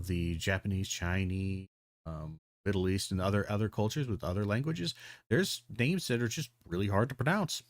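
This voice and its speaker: A man's voice: fairly low pitch, no echo, studio quality. A man giving casual, rambling video commentary, full of ums, restarts and the odd swear word.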